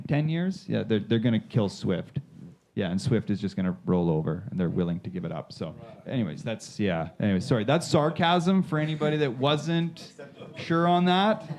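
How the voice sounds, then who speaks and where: A man at mid pitch moderates a panel in a conference room, talking into a handheld mic. He rambles, restarts his sentences and drops sarcastic asides. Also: darkish tone. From Canada. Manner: rambling, self-correcting, jokey sarcasm. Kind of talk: casual panel discussion.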